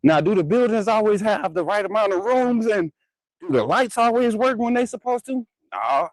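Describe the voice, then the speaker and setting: A man's voice: high voice, sing-song, normal speed, no room sound, poor audio. Chatty man hosting a live show. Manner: chatty, laughs often, talks straight to viewers. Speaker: host of a live sports talk show. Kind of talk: casual live-stream chat.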